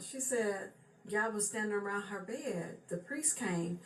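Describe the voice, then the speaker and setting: A woman's voice: mid-range voice, a little slow. A woman telling a personal story in a casual, chatty way, often circling back with "she said" and "for real.". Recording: echoey room with faint background noise.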